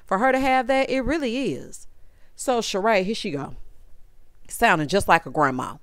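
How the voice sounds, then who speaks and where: A woman, giving a sassy, animated reality TV recap and calling her viewers honey and child. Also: mid-range voice, moderate pace, dry recording, clean studio sound. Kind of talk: casual recap commentary.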